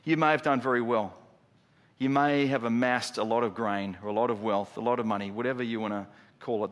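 A middle-aged man preaching a sermon in a church, emphatic, firing rhetorical questions and dropping to a hush for effect. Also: fairly low pitch. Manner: emphatic, rhetorical questions, swings from loud to hushed. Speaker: pastor. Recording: long hall reverb.

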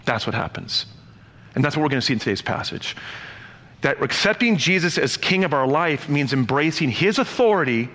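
A man preaching a sermon, lively and playful, acting out the voices in his stories. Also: on the high side. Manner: animated, playful, acts out quotes. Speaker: pastor. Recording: long hall reverb.

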